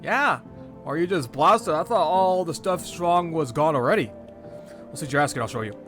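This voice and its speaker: A man voicing a gruff, blunt tall man in a game, in a flat, grumbling tone. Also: a little high, normal speed, faint music behind.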